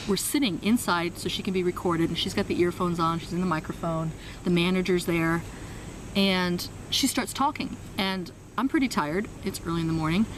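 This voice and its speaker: A woman guest in an interview, telling a story with lively energy and acting out the people she quotes. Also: fairly low pitch, a little hiss or hum, rough recording. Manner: lively, acts out quoted voices. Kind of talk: animated storytelling.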